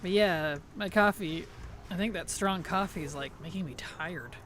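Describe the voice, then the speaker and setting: A woman's voice: lowish voice, normal speed, a bit bright, slight background noise. A woman streamer in casual livestream chat, thanking subscribers, answering chat and giggling often.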